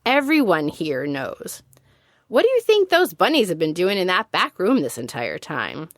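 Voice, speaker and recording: A woman voicing a steady, protective male animal in a storybook reading, speaking in a calm, reassuring way. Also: fairly low pitch, moderate pace, no echo, studio quality.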